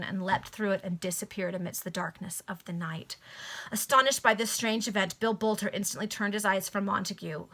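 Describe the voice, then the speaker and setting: A woman casually reading a novel aloud to friends over a video call, breaking off with excited asides. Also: medium pitch. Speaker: reader.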